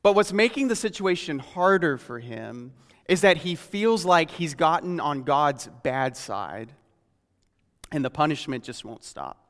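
A man's voice: fairly high pitch, expressive, a bit bright. Earnest male preacher in a reverberant hall. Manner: earnest, questioning, slows for quoted scripture. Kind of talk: sermon.

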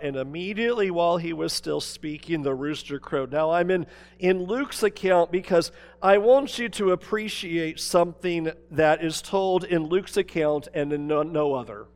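Male preacher with a high voice, dramatic storyteller who shifts between forceful and hushed delivery, recorded with long hall reverb. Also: moderate pace. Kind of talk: sermon.

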